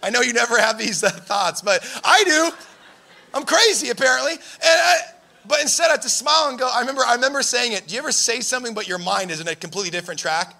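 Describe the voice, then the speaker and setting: A young man preaching a sermon, telling stories in an animated way and raising his voice for emphasis. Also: extremely high pitch, fast talker, gravelly. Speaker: pastor.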